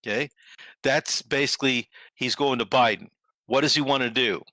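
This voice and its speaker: A man's voice: mid-range voice, moderate pace, sharp tone, no echo. A man hosting a political commentary show, talking sarcastically and emphatically over news clips.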